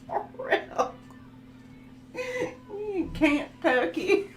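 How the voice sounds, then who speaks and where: A woman's voice: medium pitch, takes it slowly, long pauses, slight background noise. Laughing, chatty tarot reader woman. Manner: chatty, laughs often, animated storyteller. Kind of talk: casual tarot reading chat. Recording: echoey room.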